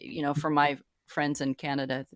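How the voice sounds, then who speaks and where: A woman's voice: sits low, little pitch movement, normal speed, no echo, studio quality. A woman chatting casually on a talk show, telling travel stories with lots of laughter. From California. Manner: chatty storyteller, laughs often. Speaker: show regular. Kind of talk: casual chat.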